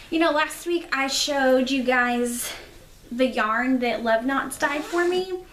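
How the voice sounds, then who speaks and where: A woman's voice: high-pitched, a bit bright. A young woman hosting a casual crafting video, chatty and self-deprecating with rambling asides. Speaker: podcast host. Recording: echoey room.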